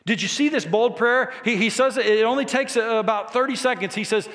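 A man preaching a sermon, telling a scripture story with emphatic, animated delivery. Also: extremely high pitch, a little fast, few pauses. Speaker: pastor. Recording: long reverb of a large hall.

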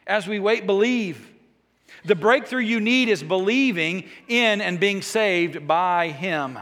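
A man's voice: sits high, fairly bright tone, long reverb tail. A man preaching a sermon in an earnest, conversational way, with small restarts. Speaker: pastor.

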